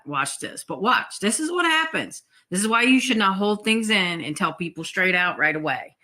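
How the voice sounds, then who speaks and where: Lively, bright-voiced woman ranting bluntly. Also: mid-range voice, normal speed, few pauses. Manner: blunt, swears freely, animated. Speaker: vlogger. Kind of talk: casual storytelling rant.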